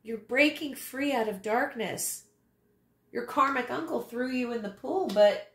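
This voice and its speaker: A woman's voice: a little high, normal speed, vocal fry, a bit bright. A woman giving a spiritual tarot reading, reading scripture aloud and encouraging her listeners in a preachy way. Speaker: tarot reader. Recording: echoey room.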